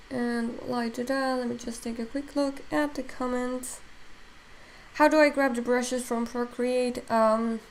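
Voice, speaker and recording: A woman's voice: on the high side, creaky, slight background noise. A woman running a live sculpting tutorial stream, thinking aloud with many fillers and reading out chat comments, her voice strained and tiring. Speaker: digital sculpting instructor.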